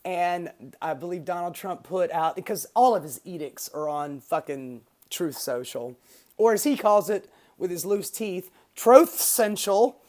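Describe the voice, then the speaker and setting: A woman's voice: on the low side, animated, unhurried, darkish tone. A woman hosting her own political commentary show, ranting casually with sarcasm and swearing.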